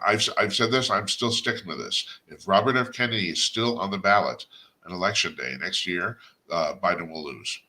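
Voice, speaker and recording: A man's voice: deep voice, bright, forceful tone. An older man hosting a talk radio show, giving a blunt, rambling opinion monologue with chuckles and restarts.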